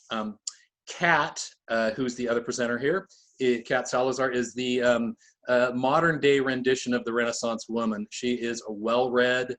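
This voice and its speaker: Man in his fifties, webinar presenter, flat monotone delivery, halting with fillers, video call. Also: mid-range voice.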